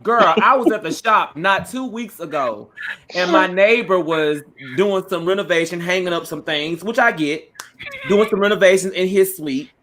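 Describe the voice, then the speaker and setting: A man telling a petty neighbor story in casual chat, animated and swearing freely, acting out what people said. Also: high voice, moderate pace. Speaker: podcast co-host.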